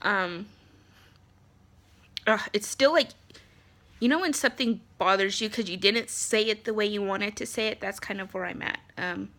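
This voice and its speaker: Bright-voiced nasal woman venting. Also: mid-range voice, normal speed, pauses often. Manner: frustrated, blunt, swears, many ums. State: congested, nasal. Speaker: vlogger, spouse of an ill partner. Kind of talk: casual venting monologue.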